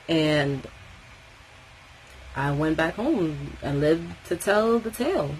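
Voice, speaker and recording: A young woman from Tobago telling a story in casual vlog chat, animated and swearing freely. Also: deep voice, takes it slowly, long pauses, slight background noise, low-quality recording. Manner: animated, swearing freely, acting out quoted voices.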